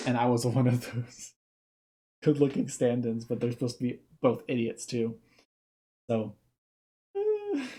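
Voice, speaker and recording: A man's voice: medium pitch, dark tone. A young man giving casual reaction commentary, rambling off on tangents and restarting his sentences.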